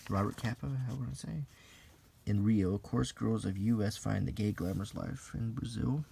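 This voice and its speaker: A man from the United States softly reading aloud from an old magazine and musing in asides, in a soft-spoken unintentional ASMR style. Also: lowish voice, normal speed, gravelly, a little hiss or hum. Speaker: host flipping through an old magazine.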